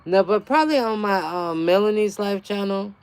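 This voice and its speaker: A woman talks loosely to her viewers in an unscripted livestream, breaking into laughter again and again. Her speech is blunt and full of profanity, animated and offhand. She is a gardening channel host just chatting. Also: mid-range voice, moderate pace, a little hiss or hum. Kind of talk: casual livestream chat.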